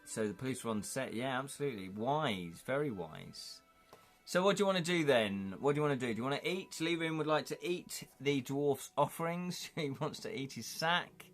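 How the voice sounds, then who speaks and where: A man's voice: medium pitch, expressive, normal speed, soft background music. A man hosting a live-streamed interactive gamebook, chatty and rambling as he reads chat comments aloud and asks viewers to vote.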